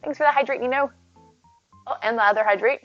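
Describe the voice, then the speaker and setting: A woman's voice: a little high, quick pace, dull audio, faint music behind. A woman streaming from home, chatting casually, greeting viewers by name and talking to her cat. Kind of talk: casual live-stream chat. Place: at home near her bed.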